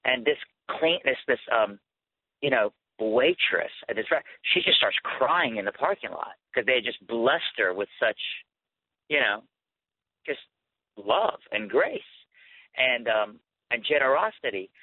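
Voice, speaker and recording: A man's voice: medium pitch, unhurried, no room sound. Earnest man over a tinny phone line. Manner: earnest, animated, many fillers and restarts. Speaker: guest. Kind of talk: personal testimony storytelling.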